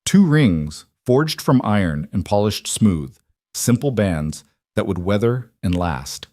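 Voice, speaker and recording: Low-voiced male story narrator. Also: very animated, slow, dark tone, dry recording, clean studio sound.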